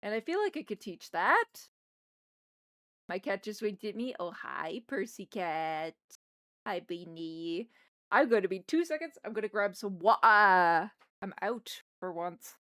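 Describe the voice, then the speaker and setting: A woman chatting on a livestream from her desk at home, wandering from one story to the next and stopping to talk to her pets. Her voice is smooth and clear, and she takes her time. The mic sits close in a dry room. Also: medium pitch, big pitch swings, unhurried, fairly bright tone, dry recording. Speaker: streamer. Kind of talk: casual livestream chat while drawing. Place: home desk in a wheeled chair.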